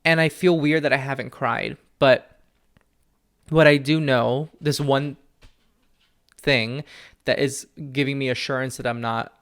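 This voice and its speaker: A young man hosting a solo podcast from home, talking candidly and earnestly, often with a soft laugh. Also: medium pitch, steady tone, unhurried, pauses often. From family from Peru. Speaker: podcast host, psychic medium. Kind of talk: reflective solo podcast talk. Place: at home with his dog.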